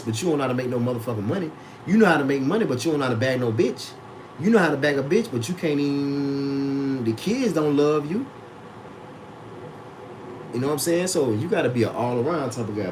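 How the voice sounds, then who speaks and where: A man streaming a reaction to clips, ranting with lots of profanity and animated asides. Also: mid-range voice, a little hiss or hum, rough recording. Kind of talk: livestream reaction commentary.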